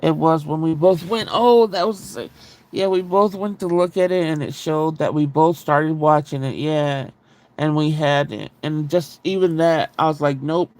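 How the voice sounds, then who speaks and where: Gravelly middle-aged man, animated storyteller. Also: fairly high pitch, measured pace. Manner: animated, rising sharply when quoting himself, swearing. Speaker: book club stream host. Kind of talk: casual storytelling chat.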